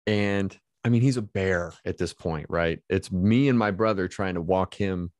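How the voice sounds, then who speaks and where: A male podcast host telling a story in casual chat, animated and laughing often, restarting his sentences as he goes. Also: low-pitched, normal speed, no echo.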